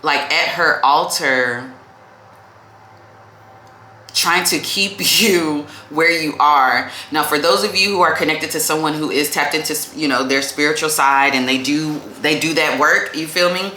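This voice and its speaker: A woman's voice: sits low, a little slow, bright, forceful tone, a little hiss or hum. A woman giving a casual tarot reading to camera. She is chatty, calls the viewer "baby" and says "like" a lot. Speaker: tarot reader. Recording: echoey room.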